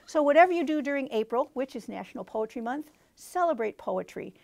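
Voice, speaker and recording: A woman's voice: fairly high pitch, vocal fry, a little mellow. A woman hosting a book talk for teachers, explaining in a teacherly way and reading poems aloud. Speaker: book reviewer and show host.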